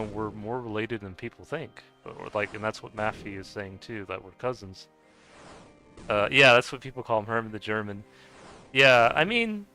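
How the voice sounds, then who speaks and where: Rambling man with a bright voice. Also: fairly low pitch. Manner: meandering, heavy with fillers and restarts. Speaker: gamer chatting while playing. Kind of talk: rambling casual chat.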